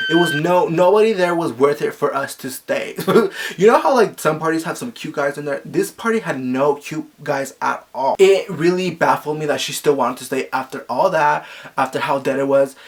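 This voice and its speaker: A young man telling a story casually, animated and gossipy, filling his talk with "like" and acting out the quotes loudly. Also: normal speed. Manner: animated, acts out quotes with sharp jumps in pitch and volume; gossipy, frequent "like" fillers. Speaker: vlogger.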